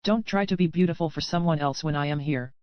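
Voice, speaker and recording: An arrogant, possessive young man, read by a male narrator gives short, commanding lines. The voice is smooth and fairly high, and the recording is dull and dry. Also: fast, no echo, lightly acted.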